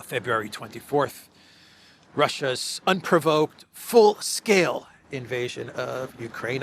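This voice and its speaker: A man's voice: medium pitch, a bit bright, a little hiss or hum. A man giving solo political commentary in a sarcastic tone, with frequent hesitations and fillers.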